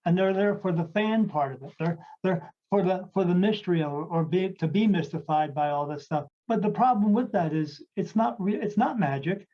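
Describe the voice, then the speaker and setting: High-voiced man telling a rambling story. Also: normal speed, hardly any pauses. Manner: rambling, many fillers and restarts, acts out quoted voices. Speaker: podcast host, medium. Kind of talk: casual storytelling chat. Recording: dull lo-fi audio.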